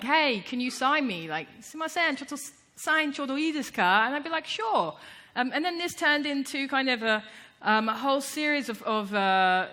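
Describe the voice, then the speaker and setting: A woman's voice: fairly high pitch, pushed and bright. A woman artist giving a casual conference talk, chatty and full of fillers and restarts, acting out what people said. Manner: chatty, many fillers and restarts, acts out quotes. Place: conference stage before an audience.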